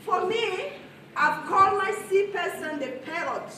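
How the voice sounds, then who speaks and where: A woman's voice: extremely high pitch, unhurried. A woman with a French accent giving a motivational coaching talk to a live audience, calling out to the crowd and leading them in repeating phrases. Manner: energetic, calls out to the crowd and leads call-and-response. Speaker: life coach. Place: large hall with an audience. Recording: echoey hall, far from the mic, crowd and noise.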